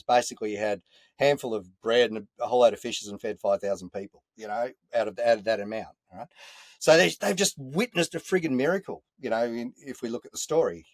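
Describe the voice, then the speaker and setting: An Australian man, a podcast guest, telling a story in an animated, earthy way with a few mild swear words, speaking from inside a caravan. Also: mid-range voice, no room sound. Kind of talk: casual storytelling chat.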